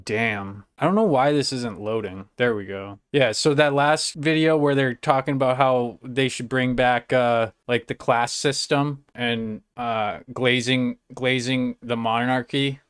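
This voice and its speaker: A young man talks casually on a live stream, swearing freely and flaring into loud, excited outbursts. His voice is mid-pitched and sits close and dry on the mic. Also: unhurried, hardly any pauses, clean tone, no echo. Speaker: livestreamer.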